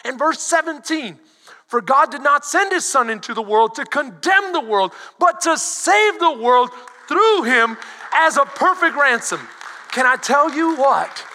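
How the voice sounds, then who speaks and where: A middle-aged man, a pastor, preaching an animated sermon that swings between loud emphasis and soft asides. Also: very high voice, measured pace, long reverb tail. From Texas.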